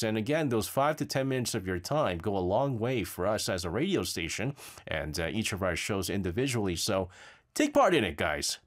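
A man hosting a radio show, chatting casually and reading listener messages, with lots of fillers and stammers. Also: medium pitch. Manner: lively, rambling, frequent fillers and stammers. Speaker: radio host. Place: radio studio.

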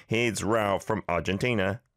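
A man's voice: fairly low pitch, unhurried, fairly bright tone. A man hosting a radio show, teaching listeners Korean phrases in a chatty, friendly way and laughing along with their clips.

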